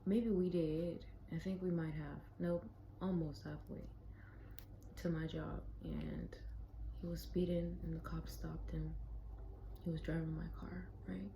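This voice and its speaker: A woman's voice: fairly low pitch, little pitch movement, a little slow, vocal fry, warm tone, slight background noise, poor audio. A young woman vlogger telling a personal story in a candid, profane, casual way, sometimes dropping to a whisper.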